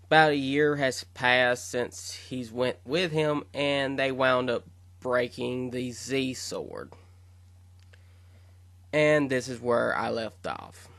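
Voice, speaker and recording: A man's voice: medium pitch, slow pace, gravelly, fairly bright tone, dry recording. Rambling man telling his fan story. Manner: rambling, with fillers and self-corrections. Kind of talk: casual retelling of a fan fiction story.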